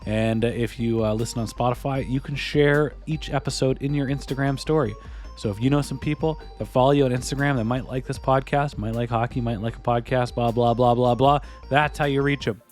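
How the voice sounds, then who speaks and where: A man's voice: mid-range voice, steady tone, fairly quick, a little mellow, faint music behind. A man co-hosting a hockey podcast, chatting casually and reading the show's plugs with a joking manner. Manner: joking, reads listener plugs conversationally. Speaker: podcast co-host.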